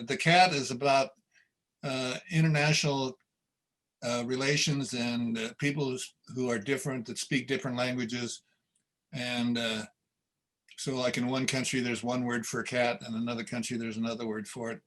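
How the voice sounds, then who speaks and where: An easygoing man hosting a casual livestream, talking in a relaxed, meandering way with plenty of fillers. His voice sits at a middling pitch. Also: moderate pace, poor audio. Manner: easygoing, full of fillers and chuckles. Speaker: show host.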